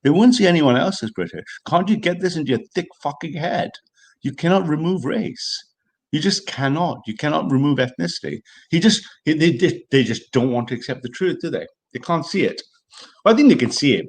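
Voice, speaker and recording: A man hosts a reaction stream in a fairly high voice. He rants with blunt sarcasm and heavy swearing. His talk swings between mocking and heated. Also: animated, fairly quick. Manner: ranting, sarcastic, profane. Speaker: stream host reacting to a clip. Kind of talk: angry reaction commentary.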